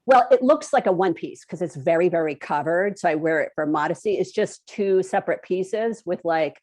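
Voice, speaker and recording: A woman's voice: fairly low pitch, expressive, normal speed, darkish tone. A woman co-hosting a casual talk show, telling a story animatedly, often laughing and acting out quotes. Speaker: co-host.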